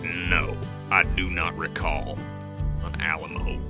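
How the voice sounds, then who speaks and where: A man voicing a haughty figure who gives absurd orders in a slow, lowered, drawn-out tone for an improvised comedy sketch. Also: level tone, bright, forceful tone, faint music behind, heavily acted. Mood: dismissive.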